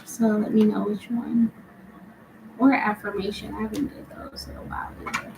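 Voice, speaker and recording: A woman's voice: medium pitch, flat delivery, moderate pace, gravelly, very noisy. A young woman hosting a live tarot stream, chatty and laughing often as she answers viewers. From United States. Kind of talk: casual live-stream chat.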